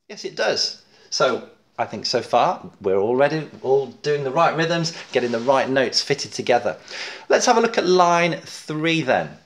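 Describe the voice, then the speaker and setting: Slow, patient man teaching rhythm. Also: medium pitch, big pitch swings, heavy background noise. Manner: patient, encouraging, counts and claps rhythms aloud. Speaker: music teacher. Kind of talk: children's music lesson.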